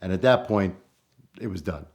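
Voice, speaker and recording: Middle-aged New Yorker, casual storyteller, slightly low voice, lively when quoting others. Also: male voice, moderate pace. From New York. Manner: animated, acts out quoted voices with rising pitch. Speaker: storyteller guest.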